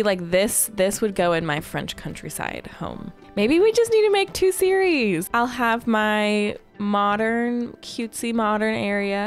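Young woman, casual gameplay chatter at a desk mic, fairly low voice for a woman, soft music behind. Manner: chatty, thinking aloud with playful asides. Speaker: Sims building creator.

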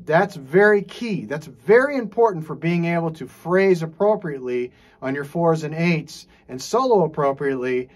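A man teaching jazz drums in a relaxed, casual way, scat-singing rhythms and checking in with frequent "okay"s. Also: on the high side, normal speed, hardly any pauses. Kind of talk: casual instructional talk. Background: drum playing.

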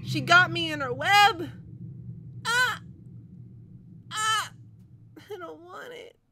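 A jumpy young woman talking over horror games in a high voice, full of swearing and quick to shriek. She talks casually and rambles to herself as she plays. A steady hiss runs under the recording. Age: young adult. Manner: jumpy and profane, shrieking at scares. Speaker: gaming video creator. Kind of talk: horror game let's play commentary.

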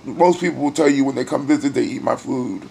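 A middle-aged man in a hospital room, weary and near tears, talking in a personal video diary with sighs and halting pauses. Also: medium pitch, gravelly, dark tone, breathy edge. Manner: emotional, sighing, halting. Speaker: vlogger.

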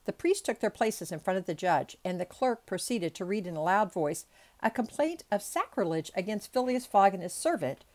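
A woman reads a classic novel aloud in her own plain voice, with a mid-pitched, everyday tone. She breaks off for chatty asides and sometimes trips over hard words. It is a homemade audiobook reading. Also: animated, normal speed, darkish tone. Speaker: audiobook reader. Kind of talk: amateur audiobook narration.

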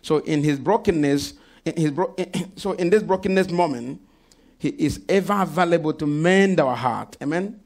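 Male pastor, gravelly, slightly high voice, preaching with congregation call-outs. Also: moderate pace, darkish tone. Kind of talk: sermon. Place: church service.

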